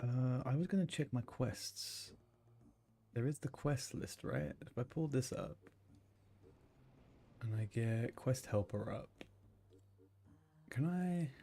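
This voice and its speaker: A man's voice: medium pitch, takes it slowly, gravelly, long pauses, dark tone. A man streaming a game, chatting casually and rambling between tasks, swearing now and then. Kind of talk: casual gaming chat.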